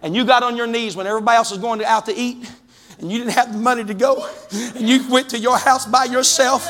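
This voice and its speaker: A man preaching a fervent Pentecostal sermon, his voice pitched very high and ringing bright. He calls out to the congregation and climbs into shouts. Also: steady tone, fast talker, soft background music. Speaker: pastor. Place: church sanctuary.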